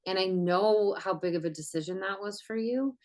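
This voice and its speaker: A woman co-hosting a podcast, warmly praising her co-host in a casual, effusive way, with lots of "like". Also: mid-range voice, normal speed. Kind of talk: casual chat.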